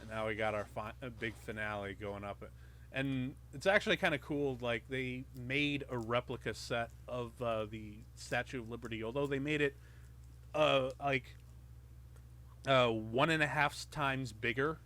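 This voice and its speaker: Brief: male podcast host, bright tense tone, excited casual commentary, swears freely. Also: medium pitch, moderate pace. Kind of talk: movie commentary chat.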